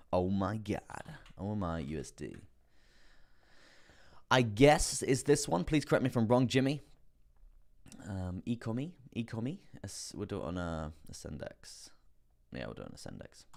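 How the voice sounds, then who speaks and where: Low-voiced man casually reading charts. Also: sing-song, unhurried, vocal fry, pauses often, darkish tone. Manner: chatty, fillers, repeats phrases, addresses viewers as guys and man. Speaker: crypto live stream host. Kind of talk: casual live chart analysis.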